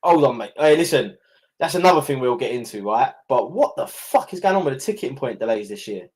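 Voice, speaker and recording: A young man runs a relaxed podcast chat. He talks in a loose, chatty way, swearing and breaking into laughs, and his voice sits at a middling pitch. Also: a little fast. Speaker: podcast host. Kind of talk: casual chat.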